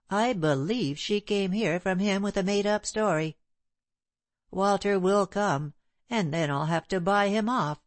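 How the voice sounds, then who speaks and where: A woman reading the part of a proud, bitter gentleman who speaks in a sneering, clipped way. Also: on the low side, no room sound, close to an everyday voice. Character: proud bitter middle-aged gentleman, scornful.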